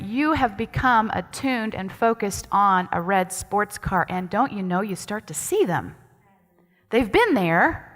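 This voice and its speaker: A woman's voice: a little high, fairly bright tone. Chatty woman minister in a reverberant hall. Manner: chatty, asks the congregation questions. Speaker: associate minister. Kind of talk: conversational sermon. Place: church sanctuary. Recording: long hall reverb in a sanctuary.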